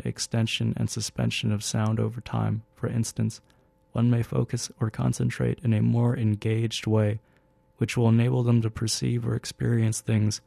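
A man hosting a radio show, delivering a spoken essay in a measured, academic way with halting phrasing. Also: medium pitch, vocal fry, mellow, no room sound. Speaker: radio host.

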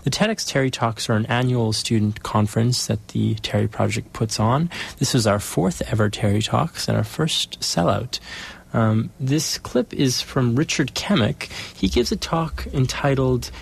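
Gravelly, husky podcast host reading intros. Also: male voice, medium pitch, measured pace. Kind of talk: scripted narration.

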